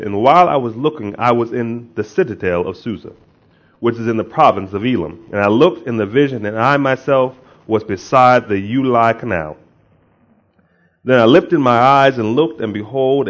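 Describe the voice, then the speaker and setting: A man's voice: medium pitch, normal speed. A man preaching as a pastor, speaking in a conversational way that rises into emphatic bursts, praying and reading scripture aloud. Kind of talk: sermon with prayer and scripture reading. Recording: dull lo-fi sound.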